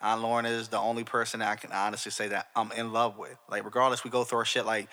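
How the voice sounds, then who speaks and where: A man's voice: on the low side, flat delivery, fast, sharp tone. A young man co-hosting a casual podcast chat, laughing often and saying "like, seriously" again and again. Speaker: podcast co-host.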